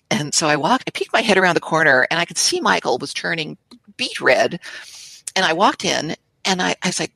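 Older lady spinning lively stories, gravelly and husky, bright edge, dry close mic. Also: low-pitched, fairly quick, no echo. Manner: lively anecdotal, with laughs and acted quotes. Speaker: interview guest. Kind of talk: storytelling in conversation.

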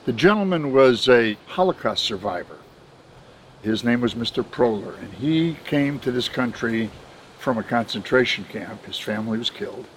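An older man recalls his early years in the benefits business in a relaxed, anecdotal way, slipping into the voices of people he met. His voice sits at an ordinary middle pitch. A faint hiss of background noise runs under the recording. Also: normal speed, low-quality recording. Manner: anecdotal, chuckles often, quotes others in dialogue. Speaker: benefits administrator telling his career story. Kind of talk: casual storytelling interview.

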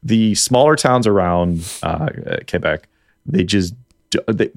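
Deep-voiced Canadian man, rambling. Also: expressive, slow pace, no room sound, studio quality. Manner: rambling, restarts a lot. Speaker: podcast co-host. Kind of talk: casual gaming chat.

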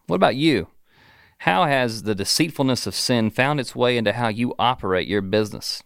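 A man's voice: medium pitch, animated, normal speed, gravelly, fairly bright tone, smooth, no echo, studio quality. A male podcast host reading reflective, direct scripted narration.

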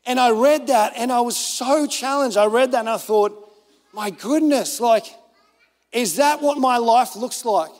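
A man's voice: very high voice, a little slow, darkish tone, in a large hall. A man in his thirties giving an informal, earnest sermon, talking conversationally with many fillers and little quoted thoughts to himself. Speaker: pastor.

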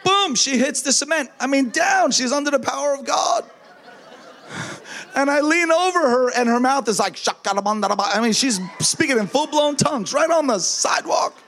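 Man, preacher, high voice, lively story-telling, plays the people in his story. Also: normal speed. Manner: animated, acts out voices, laughs often. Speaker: traveling minister. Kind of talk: storytelling testimony sermon.

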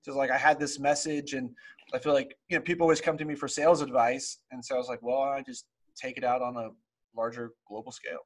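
A man hosting a podcast, asking relaxed, reflective questions in a casual interview. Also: medium pitch, fast. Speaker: podcast host.

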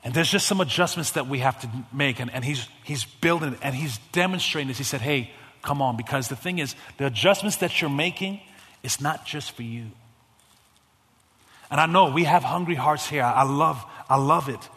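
A man preaching as a guest pastor, casual with slang, swinging between loud fervent calls and hushed storytelling. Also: mid-range voice, normal speed. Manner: casual, youthful slang and repetitions. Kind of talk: sermon. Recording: long hall reverb.

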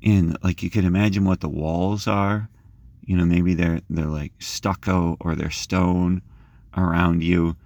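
A man leading a guided scripture meditation, gently inviting listeners to imagine the scene and rising in pitch as he reads the verses. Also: steady tone, measured pace, no room sound. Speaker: prayer leader.

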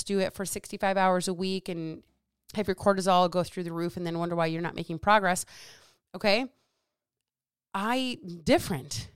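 A woman hosting a podcast, speaking in a smooth, clear voice at a middle pitch. She talks bluntly and casually, with plenty of swearing and repeated phrases for emphasis. The recording is dry and close. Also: no echo. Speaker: podcast host and nutrition coach. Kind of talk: casual monologue.

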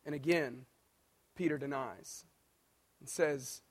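A male pastor preaching a sermon as an animated storyteller, acting out the people he quotes and swinging between quiet and emphatic delivery. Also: sits high, normal speed.

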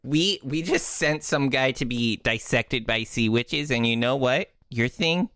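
A man's voice: mid-range voice, measured pace, bright, forceful tone, clean tone, no room sound, clean studio sound. A man playing a tabletop role-playing game, joking with friends. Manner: playful, tries out silly voices. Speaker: player. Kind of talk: tabletop role-play banter.

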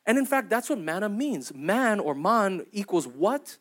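A man's voice: high voice, big pitch swings, measured pace, fairly bright tone. A young adult man preaching a sermon as pastor, in a conversational, storytelling way that keeps checking in with "right?" and "okay?". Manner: acts out quoted voices in anecdotes.

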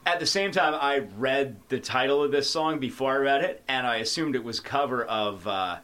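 A man in a casual chat with friends, lively and swearing freely. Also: mid-range voice, moderate pace. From Canada.

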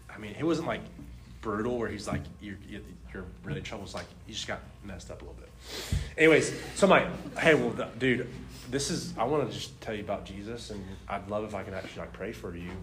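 A young man telling a personal faith testimony in a casual, animated way, laughing often and filling his talk with "like". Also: lowish voice, background noise. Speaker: speaker sharing a testimony.

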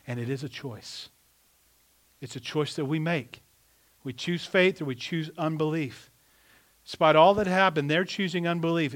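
A man preaching a sermon in an animated, conversational way, asking the congregation rhetorical questions. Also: a little high. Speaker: pastor.

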